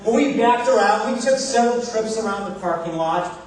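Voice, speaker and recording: A man's voice: high voice, a little mellow, recorded from a distance. Man telling a comic story in an echoey hall. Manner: comic storytelling with punchline pauses. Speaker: contest speaker. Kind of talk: humorous speech. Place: large hall, live stage.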